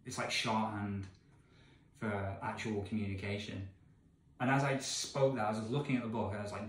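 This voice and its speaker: An English man in his thirties, ranting in disbelief to the camera, swinging between loud outbursts and muttered asides. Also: fairly low pitch, fairly even intonation, normal speed, echoey room. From England. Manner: incredulous, ranting, swings from shouting to mumbling. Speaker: vlogger reading a gamebook. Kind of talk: exasperated rant to camera. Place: indoor room with candles, away from home.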